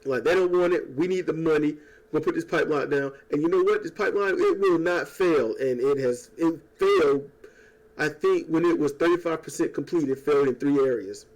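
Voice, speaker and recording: YouTuber, male, slightly high-pitched, rambling sarcastic rant full of profanity and mocking asides. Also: fairly quick, a little mellow. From United States. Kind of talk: casual political rant. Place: at home. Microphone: old desk microphone.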